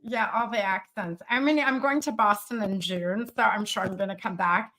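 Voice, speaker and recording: A woman from the American South hosting a casual live-stream chat as a business coach, talking in an animated way with many fillers. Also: medium pitch, moderate pace, a little hiss or hum. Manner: chatty, animated, frequent fillers and laughs. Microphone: studio live-stream mic.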